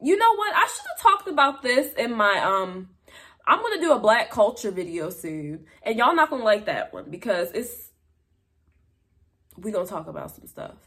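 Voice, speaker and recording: A young woman hosts her own show as a podcaster, delivering a casual, unscripted monologue straight to the camera. Blunt and chatty, she fills her talk with asides and calls her audience "y'all." Her mid-range voice is a bit bright, with big pitch swings and a moderate pace.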